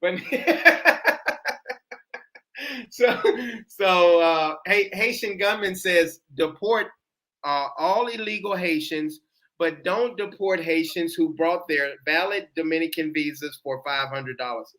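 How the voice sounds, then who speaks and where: Guy hosting a podcast, kinda high bright voice, repeats himself a lot. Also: slow pace. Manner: repeats himself, restarts sentences, laughs easily. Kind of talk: casual podcast chat.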